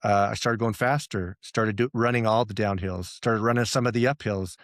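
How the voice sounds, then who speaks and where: A man's voice: fairly low pitch, steady tone, normal speed, dry recording, studio quality. A man talking as a podcast guest, telling stories and quoting his own thoughts, laughing often. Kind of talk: casual interview chat.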